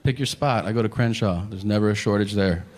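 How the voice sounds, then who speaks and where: A man doing a stand-up set, acting out people in loud, high voices. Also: quick pace, background noise. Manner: animated, acts out characters in loud high voices. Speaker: stand-up comedian. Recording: long hall reverb, faint ambience.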